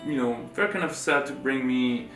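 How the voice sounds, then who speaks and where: A man from France, telling a personal story as co-host in a rambling, animated, filler-heavy way. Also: medium pitch, moderate pace. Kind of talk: casual storytelling chat. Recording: roomy room with faint guitar music.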